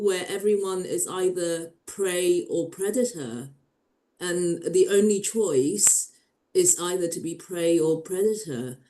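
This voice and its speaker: A woman with a slightly low voice talks slowly on a podcast. She speaks with earnest, halting care, often restarting as she gathers her thoughts. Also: darkish tone. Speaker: podcast guest. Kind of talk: casual podcast discussion.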